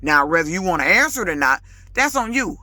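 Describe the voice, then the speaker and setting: A lease-purchase woman trucker talks straight to camera in a casual vlog rant. Her voice is bright and forceful, emphatic and quick to get heated. The sound is dry, with no room around it. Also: lowish voice, very animated, dry recording. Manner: emphatic, authoritative, gets loud and heated; colloquial, repeats words when fired up.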